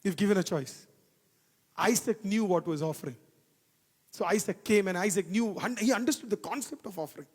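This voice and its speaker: High-voiced man preaching in a reverberant hall. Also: brisk, darkish tone, slightly rough. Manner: fervent preaching with repeated phrases. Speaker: pastor. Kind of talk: sermon.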